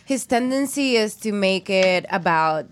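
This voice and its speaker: A woman with a mid-range voice co-hosts a podcast, chatting casually. She's animated and quick to laugh.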